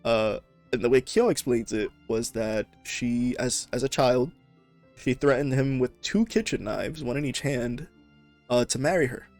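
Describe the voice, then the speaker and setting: A man's voice: medium pitch, unhurried, a little mellow, soft background music. A man hosting a casual chat, swearing freely and acting out quotes as he retells scenes. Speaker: podcast host.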